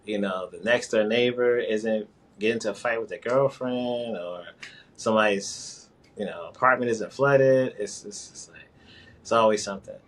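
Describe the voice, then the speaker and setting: A man with a lowish voice talks in a loose, rambling way, stopping and restarting his sentences. He is from New York and chats casually, laughing now and then. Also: a bit bright. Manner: rambling, halting, quick laughs. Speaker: guest. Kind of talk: casual conversation.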